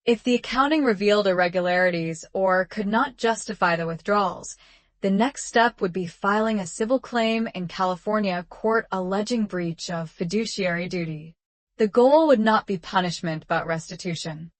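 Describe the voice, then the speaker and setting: Woman storyteller, steady and measured, mid-pitched voice, dry close sound. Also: no room sound. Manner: measured, calm and even. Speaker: narrator. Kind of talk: scripted first-person story narration.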